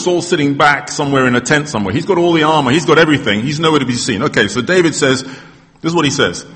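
Preacher in a reverberant hall. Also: male voice, on the high side, quick pace. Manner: animated storytelling, acting out quoted voices. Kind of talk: sermon.

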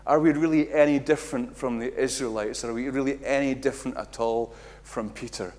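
Animated preacher man. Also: medium pitch, brisk. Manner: animated, acts out quotes with big swings in loudness. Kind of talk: sermon.

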